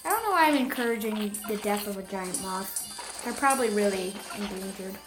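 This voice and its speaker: A woman talking casually over her own mobile gameplay, chatty and self-mocking, with bursts of excited cheering. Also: mid-range voice, moderate pace. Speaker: mobile game video host. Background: game music.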